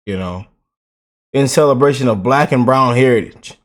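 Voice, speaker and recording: A man hosting a casual reaction commentary, talking in an excitable, rambling way and often stumbling over and repeating his words. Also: mid-range voice, a little slow. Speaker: commentary channel host.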